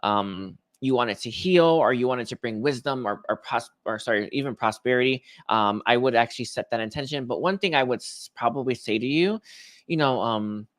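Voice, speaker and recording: A man giving a casual tarot reading, rambling and hesitant, with many restarts and soft laughs. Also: mid-range voice, brisk, no echo, studio quality. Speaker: tarot reader.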